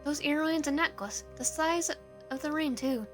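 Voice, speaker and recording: Lady streamer reading a ghost romance game out loud, keeps tripping over words, light music in the back. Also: high-pitched, moderate pace. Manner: reads narration with frequent restarts and stumbles. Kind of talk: reading a visual novel aloud.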